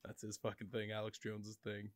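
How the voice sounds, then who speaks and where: A man's voice: lowish voice, monotone, brisk, slight background noise. Joking, profane man in casual banter.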